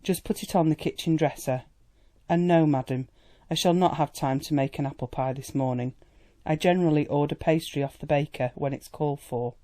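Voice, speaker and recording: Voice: mid-range voice, fairly even intonation, fairly quick, dark tone, close to an everyday voice. A reader voicing a haughty young maid who speaks in a cold, firm and proper way, in an audiobook. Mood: frosty. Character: haughty young woman house maid, frosty.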